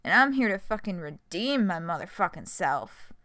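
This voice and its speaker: Here is a vulgar, rambling troll clown who swears in every breath and drags out his sorry confession. A woman puts him on, pushing her voice a bit lower. The sound is dry and close, with no room around it. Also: very animated, moderate pace, sharp tone, no room sound. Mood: sobbing, confessional. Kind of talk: reading a web comic aloud on stream.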